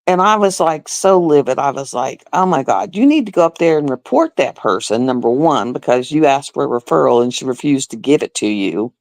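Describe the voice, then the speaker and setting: A woman's voice: very deep voice, expressive, a little fast, hardly any pauses, darkish tone, no echo. A woman, telling a story on a live stream. She sounds indignant, repeats herself, and acts out other people in a raised voice.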